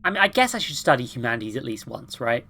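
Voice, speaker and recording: A woman's voice: rumbling low, sing-song, fast, fairly bright tone, slight background noise. A woman plays a story game on stream, chatting casually. She talks in a self-deprecating way between reading the game's lines. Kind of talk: let's play with reading aloud.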